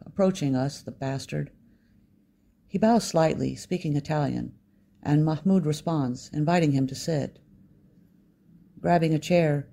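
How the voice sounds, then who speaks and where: A man reading an audiobook as a first-person narrator, wry and measured. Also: fairly high pitch, creaky, warm tone.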